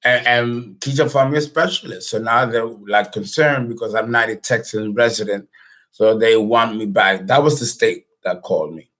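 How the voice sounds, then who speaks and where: Brief: deepish man, loose rambling talk, lots of ums and restarts, astrologer host. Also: moderate pace, a bit bright, low-quality recording. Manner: rambling, with many fillers and restarts. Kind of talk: casual lecture and phone call.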